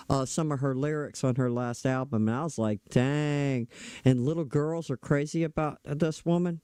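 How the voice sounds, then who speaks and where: A man's voice: medium pitch, darkish tone, clean tone, no room sound. A middle-aged man talking politics in a casual, blunt, opinionated way, often restarting his sentences. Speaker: political commentator.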